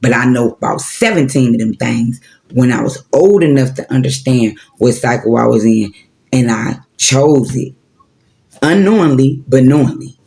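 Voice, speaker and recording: Gravelly man preaching casually. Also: mid-range voice, expressive, normal speed, a little mellow. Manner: preachy, repetitive, profane slang. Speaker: spiritual vlogger. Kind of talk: casual spiritual talk.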